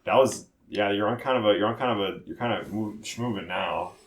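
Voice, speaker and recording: A man chatting loudly while playing a video game, rambling and piling up repeated words and restarts as he talks. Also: fairly low pitch, brisk, reverberant. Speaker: let's play commentator. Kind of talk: casual gaming chat.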